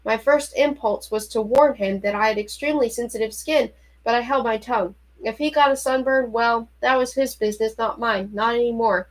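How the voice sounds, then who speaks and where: A woman reading a novel aloud in an expressive way, with startled, anxious turns. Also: fairly high pitch, moderate pace, low-quality recording. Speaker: reader.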